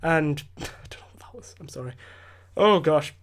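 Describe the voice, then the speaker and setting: A man's voice: on the high side, expressive, normal speed. A tired Scottish man hosting a podcast, ranting casually and rambling with many fillers and restarts from home. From Scotland. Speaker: podcast host. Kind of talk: casual solo rant.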